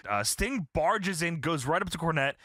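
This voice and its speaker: A man's voice: on the high side, moderate pace, no room sound, clean studio sound. A man casually retelling a wrestling storyline, laughing often, swearing, and acting out the lines. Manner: animated, laughing often, swears, acts out quotes. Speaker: co-host recapping wrestling.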